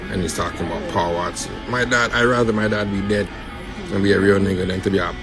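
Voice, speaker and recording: A man's voice: deep voice, steady tone, quick pace, music in the background. A man ranting and taunting on a phone livestream, breaking into sing-song chants. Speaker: rapper on a livestream. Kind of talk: rowdy livestream rant.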